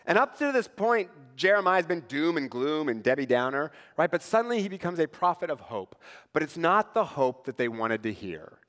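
Hombre predicador en una iglesia resonante. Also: male voice, a little high, moderate pace. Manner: conversational, animated, acts out quoted voices. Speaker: pastor. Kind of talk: sermon. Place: church sanctuary. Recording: long church hall reverb.

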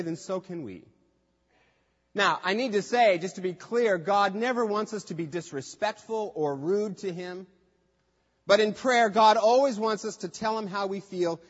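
Male preacher, high-pitched, chatty delivery that slips into playful quoted voices; dull recording. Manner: conversational, acts out quoted voices with humor. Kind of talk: sermon. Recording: dull lo-fi sound with long hall reverb.

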